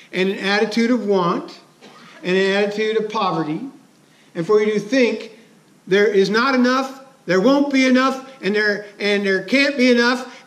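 A man preaching a sermon as a pastor, conversational and chuckling, asking his listeners questions. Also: high-pitched.

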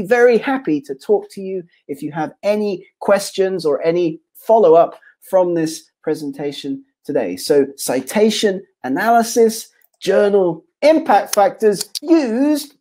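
Mellow-voiced man presenting a webinar. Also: sits high. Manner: restates points in repeated lists of phrases. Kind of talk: online presentation to researchers.

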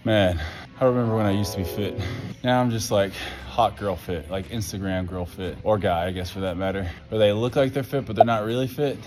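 A man's voice: on the low side, a little fast, over music. A man vlogging casually through a tiring leg workout at the gym, joking at his own expense. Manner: joking, self-mocking. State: tired, worn out from training. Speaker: fitness vlogger. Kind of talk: casual vlog chat during a workout.

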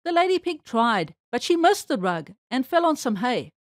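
A woman narrating a children's book aloud with expressive, sing-song storytelling. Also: sits high, normal speed, no echo, clean studio sound.

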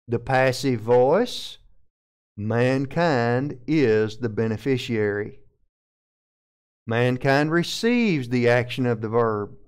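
A man's voice: mid-range voice, takes it slowly, clean tone. A man with a Southern American accent, teaching a sermon verse by verse and methodically explaining Greek grammar term by term. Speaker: pastor.

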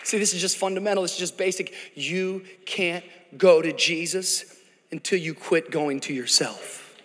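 A man preaching a sermon as pastor, dramatic and building to shouts in a large church auditorium. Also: sits high, fairly even intonation, normal speed. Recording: church hall reverb, faint music.

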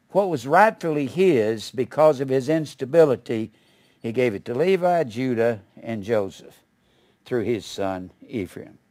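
Older male Bible teacher, conversational and rambling, mid-pitched, casual asides. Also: darkish tone. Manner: folksy, rambling, with asides and chuckles.

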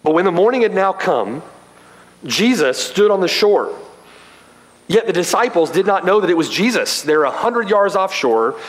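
A man preaching in a church sanctuary, his voice high and animated as it climbs and falls. He swings from ringing emphasis to low, quiet lines, slowing down to press repeated phrases home. A long reverb trails every word. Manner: emphatic, dramatic swings from loud to hushed, slow stressed repetition. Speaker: pastor. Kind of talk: expository sermon.

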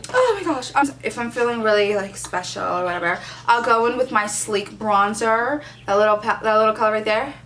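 A woman's voice: mid-range voice, steady tone, brisk, hardly any pauses, fairly bright tone. A young woman doing a casual makeup tutorial, sassy and playfully profane, hyping herself up as she works. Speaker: beauty vlogger.

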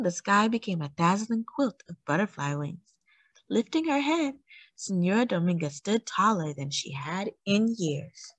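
A woman hosting storytime, reading a children's book aloud with expressive, animated storytelling. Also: mid-range voice, a little slow, no room sound. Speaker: storytime host.

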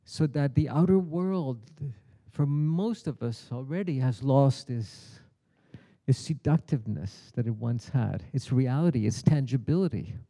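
A man's voice: mid-range voice, lively intonation, measured pace, warm tone. A middle-aged man giving a keynote spiritual teaching, telling a parable and voicing its characters' lines. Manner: storytelling, acts out the characters' lines. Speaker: keynote speaker. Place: conference hall.

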